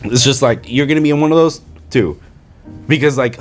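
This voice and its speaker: A man's voice: mid-range voice, brisk, faint music behind. A man hosting a podcast, ranting in exasperated disbelief and firing off rhetorical questions into a studio mic with a pop filter. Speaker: podcast host. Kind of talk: casual commentary rant.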